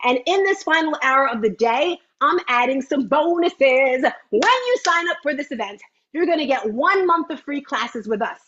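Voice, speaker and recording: A woman in her fifties hosting an online fitness meeting, chatty and animated, repeating phrases for emphasis. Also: high-pitched, normal speed, highs cut off. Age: 50s. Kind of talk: lively live-stream pitch.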